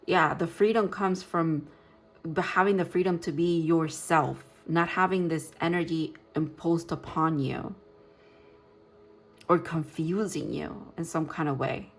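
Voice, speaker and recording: Soft-spoken woman giving a tarot reading. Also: low-pitched, fairly even intonation, unhurried. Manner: gentle, reassuring, rambling with restarts. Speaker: tarot reader. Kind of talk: pick-a-card tarot reading.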